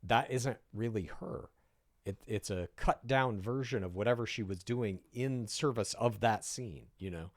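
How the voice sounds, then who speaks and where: A man's voice: fairly low pitch, a little slow, no room sound, clean studio sound. A man co-hosting a podcast, giving sardonic, analytical commentary on a reality star. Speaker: podcast co-host. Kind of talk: reaction commentary.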